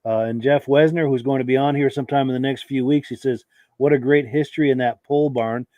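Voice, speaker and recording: A man's voice: mid-range voice, fast, no echo. A male podcast host with a cold and a fading voice, chatting casually as he reads viewer comments on a live show. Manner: relaxed, chatty, with many fillers. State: losing his voice from a cold, coughing.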